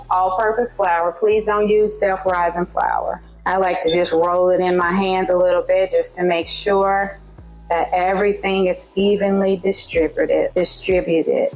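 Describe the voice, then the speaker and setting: A woman with a Southern twang walks viewers through a recipe in her home kitchen. She keeps it casual and friendly, calling her audience guys and tagging steps with okay. Faint music sits low behind her voice. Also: steady tone, measured pace, a little mellow, low-quality recording. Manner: chatty, addresses viewers as guys, frequent okays. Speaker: cooking channel host. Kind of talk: casual cooking demonstration.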